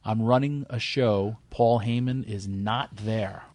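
A man recalls a chaotic night from running a wrestling show, telling it as a lively anecdote. He jumps into the voices of the people in his story. The recording is dry and close, with no room sound. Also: fairly low pitch, slow, no room sound. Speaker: wrestling promoter. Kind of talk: animated storytelling in an interview.

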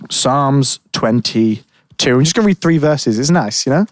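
A man's voice: mid-range voice, animated, a little slow, no echo. A man telling a rambling story in casual chat, full of fillers and restarts. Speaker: podcast co-host.

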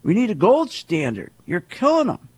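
A man's voice: sits high, huge pitch swings, moderate pace, vocal fry, breathy edge. A man giving a heated, repetitive monologue as a market commentator, firing off rhetorical questions. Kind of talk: ranting monologue.

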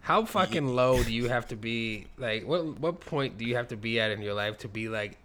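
Man, casual chat, animated, slangy, mid-pitched voice. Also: moderate pace. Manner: animated, slangy, laughs often.

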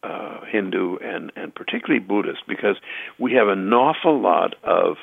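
A man's voice: deep voice, animated, normal speed, creaky, slightly rough, no echo. A man speaking as an interview guest, talking hesitantly with many fillers and restarts. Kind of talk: conversational interview. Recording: tinny phone line.

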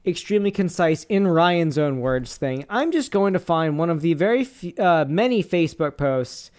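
A man's voice: a little high, animated, moderate pace, darkish tone, smooth. A man co-hosting a casual podcast, rambling and swearing as he reads posts aloud with asides. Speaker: podcast co-host.

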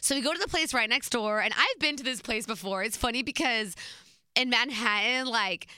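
A woman in her twenties casually telling a story, chatty and animated, laughing between beats. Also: a little high, normal speed, clean tone, no echo.

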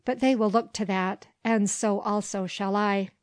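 A woman's voice: medium pitch, steady tone, unhurried, clear, resonant tone, no room sound, natural voice. A proud, imperious boy king, as a woman reader puts him on, snapping out short commanding questions. The storybook voice is close and dry, with no room sound around it. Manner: sharp, commanding.

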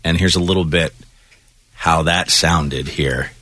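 A male radio host telling a story in animated, laughing banter. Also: low voice, a little slow, no room sound.

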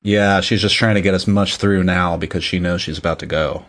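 A man's voice: low-pitched, fairly even intonation, a little fast, fairly bright tone. A man casually recapping book chapters on a podcast, rambling and correcting himself as he goes. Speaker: podcast co-host.

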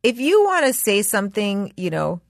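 Blunt, animated woman podcast host. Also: mid-range voice, moderate pace, gravelly, no room sound, studio quality. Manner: blunt and profane, acting out quoted remarks. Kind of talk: casual chat.

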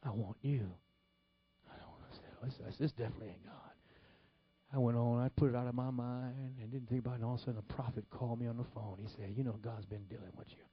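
A man preaching a sermon, telling stories with animated swings between loud exclamations and hushed whispers. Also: mid-range voice, fast talker, lo-fi sound. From Detroit, Michigan. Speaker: pastor. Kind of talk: sermon storytelling.

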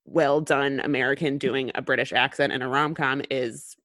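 A woman in her thirties co-hosting a casual podcast chat, talking fast and loose with lots of fillers and restarts. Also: rumbling low, fairly even intonation, fairly bright tone, no echo, studio quality. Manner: chatty, many fillers and restarts. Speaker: podcast co-host.

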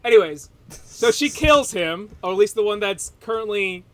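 A man's voice: high voice, animated, normal speed, a bit bright, dry recording. A man co-hosting a podcast, rambling casually through a recap, laughing and swearing freely. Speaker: podcast co-host.

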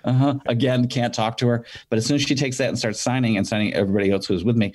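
A man's voice: mid-range voice, racing, dry recording. A man telling a long anecdote in casual chat, acting out the people in it and using many fillers and restarts. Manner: animated anecdote with quoted voices. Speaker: storyteller guest. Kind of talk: casual storytelling.

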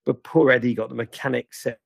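A man's voice: medium pitch, steady tone, fairly quick, creaky, husky, no echo. A man hosting a football review show, giving a scripted match-review monologue in a sardonic, theatrical, wry way.

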